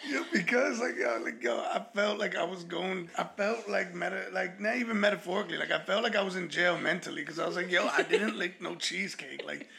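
Middle-aged dad, podcast co-host, easygoing slang talker, high gravelly voice. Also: male voice, fairly quick, hardly any pauses, pushed and bright. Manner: laid-back slangy talk, says yo and bro. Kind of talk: casual storytelling chat.

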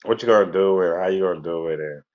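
A man's voice: low voice, fast. A man hosting a talk radio show, rambling in a laid-back, repetitive way. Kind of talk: casual monologue. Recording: lo-fi internet radio audio.

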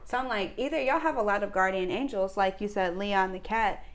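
A woman's voice: medium pitch, fairly quick. A woman hosting a podcast in casual, teasing chat, laughing often. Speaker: podcast host.

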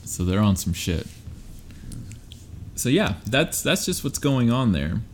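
A man's voice: medium pitch, very animated, takes it slowly, slight background noise. A young man co-hosting a podcast, reading articles aloud in a laid-back way and stumbling over lines. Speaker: podcast co-host.

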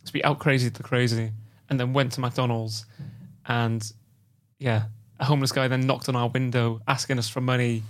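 A man's voice: mid-range voice, normal speed. Young guy on a podcast, acts out all the voices, kinda frantic. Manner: animated, acts out quotes in panicked voices. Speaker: podcast co-host. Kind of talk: casual chat, storytelling.

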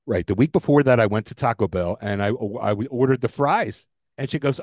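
A man's voice: medium pitch, moderate pace, a little mellow, dry recording, clean studio sound. A middle-aged man co-hosting a casual podcast, telling stories and jokes in a loose, joking way with the odd swear. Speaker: podcast co-host. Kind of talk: casual chat.

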